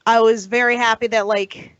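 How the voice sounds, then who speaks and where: A woman co-hosting a podcast, chatty and offhand. Her voice is a little high. The sound is dull and dry. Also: flat delivery, normal speed, a bit bright, no echo. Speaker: podcast co-host. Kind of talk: casual chat.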